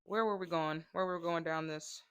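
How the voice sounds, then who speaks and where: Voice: medium pitch, steady tone, fairly quick, fairly bright tone, smooth. A comedic vlogger in a rambling monologue who jumps between tangents and acts out the voices of people in the stories.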